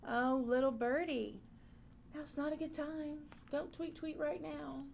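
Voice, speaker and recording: A woman leads a preschool Bible class in a high, gentle voice. She talks slowly in a sing-song way, as if coaxing small children along. A faint background hum sits under her voice. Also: steady tone, vocal fry.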